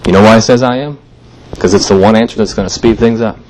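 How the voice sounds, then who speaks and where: A man's voice: lowish voice, fast, a little mellow, a little hiss or hum, rough recording. A man preaching a sermon in a church, telling the story in a casual, conversational way and briefly acting out the voices of the people in it. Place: church sanctuary.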